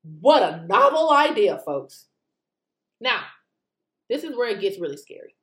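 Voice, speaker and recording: An American woman giving casual political commentary, animated and indignant, firing off rhetorical questions with mocking asides. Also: mid-range voice, a little slow, reverberant.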